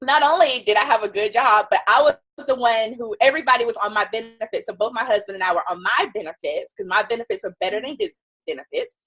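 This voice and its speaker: A woman guest on an interview show, telling her story in a chatty, animated way and acting out what others said. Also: a little high, fast talker, few pauses, slightly rough. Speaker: guest entrepreneur.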